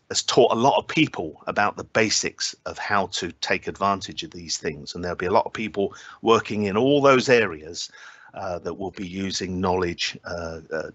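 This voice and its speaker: Low-voiced man giving a hesitant academic talk. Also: fairly bright tone, no echo, highs cut off. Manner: hesitant, many filler sounds and restarts, dry humour. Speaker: invited speaker at a scientific symposium.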